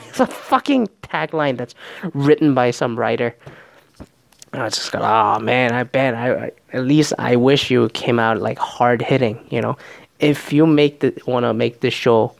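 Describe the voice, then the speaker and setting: A man casually recapping a reality show in a profane, sarcastic, animated rant. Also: mid-range voice, a little slow, gravelly, no room sound.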